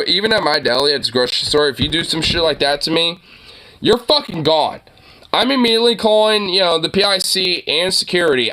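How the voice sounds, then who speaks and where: Young male co-host, bright tone, rambling profane reaction chatter. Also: high voice. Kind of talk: casual reaction chat.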